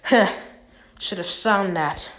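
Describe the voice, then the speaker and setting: A woman voicing a proud, stern teenage boy ninja fighter in a flat, slow read. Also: medium pitch.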